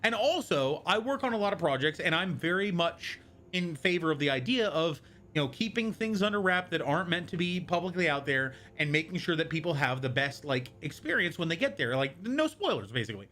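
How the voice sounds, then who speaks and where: A man's voice: a little high, very animated, fairly quick, fairly bright tone, a little hiss or hum. A young man chatting casually on a live stream, rambling and answering viewers from chat as he goes.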